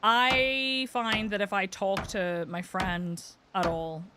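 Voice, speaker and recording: A woman's voice: medium pitch, fairly even intonation, takes it slowly, noisy background. A young woman with a Northern Irish accent, chatting casually while streaming a game, laughing often and swearing lightly. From Northern Ireland. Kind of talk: casual live-stream chat while gaming.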